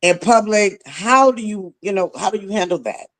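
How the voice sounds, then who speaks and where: A woman interviewing a guest, asking questions slowly and encouragingly and laughing along. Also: mid-range voice.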